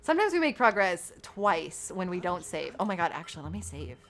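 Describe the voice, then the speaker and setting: A young woman streaming a life-sim game, chatting to her viewers and often squealing with excitement. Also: on the low side, brisk. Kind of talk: gaming livestream chat. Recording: faint background game music.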